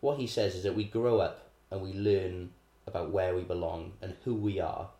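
Deep-voiced man chatting. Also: fairly even intonation, normal speed, warm tone. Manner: chatty, lecturing, laughs at his own asides. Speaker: podcast co-host explaining political theory. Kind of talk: casual conversational chat. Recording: echoey room.

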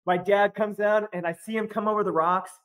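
A man with a fairly high voice for his sex chats as a podcast guest. He tells a loose, rambling story packed with fillers and laughter. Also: fairly even intonation, a little fast, fairly bright tone. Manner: rambling, filler-heavy, laughs often while telling. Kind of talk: casual storytelling chat.

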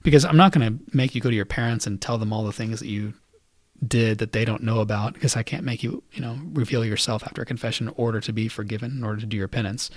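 A man, a priest, retelling a story for young listeners and turning it into a lesson. He talks quickly in a loose, conversational way, with lots of asides. The recording is dry and close, with no room sound. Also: lowish voice, no room sound. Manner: conversational, animated retelling with fillers. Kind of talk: casual retelling and teaching.

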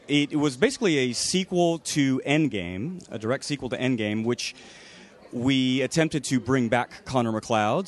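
A man guesting on an interview at a convention, talking eagerly and rambling about his fan film. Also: medium pitch. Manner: eager, rambling, many fillers. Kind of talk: casual interview.

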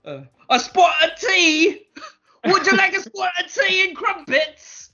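A man's voice: very high-pitched, fast, highs cut off, pitched above the performer's own voice. A man putting on an exaggerated British-turned-Australian bloke, with theatrical exclamations. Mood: posh.

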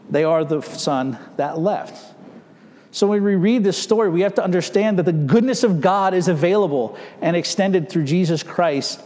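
A male pastor delivers a sermon in a fairly high voice, walking his congregation through the story and pausing to check that they follow. His voice rings through a church sanctuary with a long reverb trailing each phrase. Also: mellow. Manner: explanatory, asks "right?" to check listeners follow.

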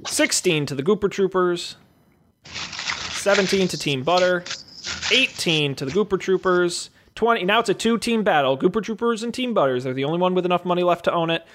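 A man's voice: sits high, lively intonation, brisk, a bit bright, slight background noise. A man hosting a casual show, reading out movie blurbs and calling bids like a jokey auctioneer. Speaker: host running a movie draft auction. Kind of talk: casual podcast chat.

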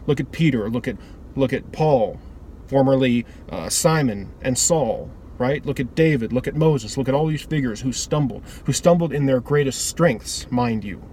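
A man's voice: mid-range voice, animated, moderate pace, a little mellow, slight background noise. Earnest man preaching informally. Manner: earnest, rambling with repeated restarts. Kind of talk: informal devotional sermon.

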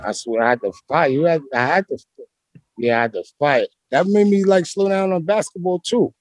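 High-voiced New man telling stories. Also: normal speed. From Brooklyn, New York. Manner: animated, slangy, rambling street talk. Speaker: interview guest, former street basketball player. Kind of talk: casual storytelling interview.

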